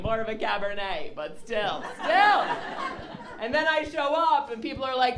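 Female comic on stage, high and lively, self-mocking, echoey club with a roaring crowd. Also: moderate pace, background noise. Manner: bubbly, self-mocking, acts out quoted voices. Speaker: stand-up comedian. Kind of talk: stand-up comedy set. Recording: echoey club, loud audience laughter.

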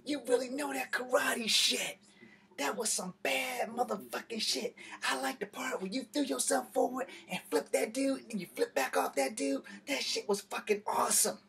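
A man's voice: medium pitch, sing-song, slow, pushed and bright, in a whisper, exaggerated voice. A man voicing his tall male coworker, hyped up and swearing in street slang.

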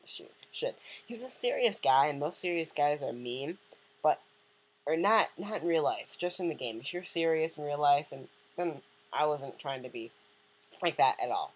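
Husky low-voiced woman joking through a game. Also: lively intonation, normal speed. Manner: joking, rambling, talks to game characters. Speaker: let's play gamer. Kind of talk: casual game commentary.

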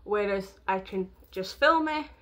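A woman's voice: mid-range voice, expressive, a little slow, fairly bright tone. A woman vlogging in a rambling, emotional way, with lots of fillers. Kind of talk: casual vlog talk.

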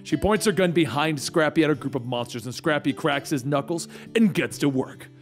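A man's voice: fairly high pitch, brisk, soft background music. A man narrating a comic book story in a dramatic, conversational way.

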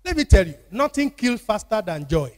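This Nigerian-accented man preaches at normal speed in a church, his high voice swinging widely in pitch. As pastor, he uses repetition and asks the congregation to call back. Long reverb from the church hall colors the sound.

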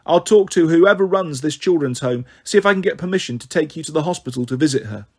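A gentle, apologetic male schoolteacher, as a man reads him in an audiobook. He speaks softly and anxiously in a slightly husky, raised voice. His concern comes through in every line. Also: on the high side, expressive, fast.

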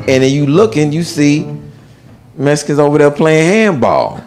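A man doing stand-up comedy, telling a story in a conversational, deadpan way. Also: fairly high pitch, normal speed.

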